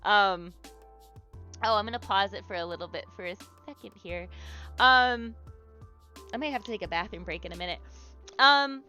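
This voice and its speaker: A woman's voice: medium pitch, normal speed, pauses often, sharp tone, lo-fi sound, soft background music. A young woman chatting casually on a livestream as she draws, rambling with many fillers and restarts and encouraging her viewers. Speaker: livestream host leading an art therapy exercise. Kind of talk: casual livestream chat while drawing.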